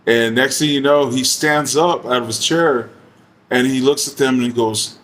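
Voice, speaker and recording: A man telling a story in a relaxed, casual way, full of slang, swearing and fillers like "you know". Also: medium pitch, moderate pace. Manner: laid-back, slangy and profane, heavy use of fillers.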